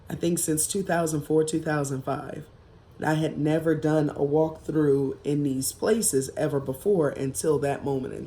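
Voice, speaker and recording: Here a woman vlogger tells a story from her own life with a deep, warm voice. Her delivery is relaxed yet emphatic and thoughtful, broken by lengthy pauses.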